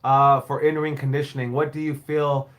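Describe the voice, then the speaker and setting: A man's voice: medium pitch, level tone, moderate pace, fairly bright tone. A man who owns and coaches a wrestling school, answering viewer questions in a casual live stream, rambling, repeating himself and swearing now and then.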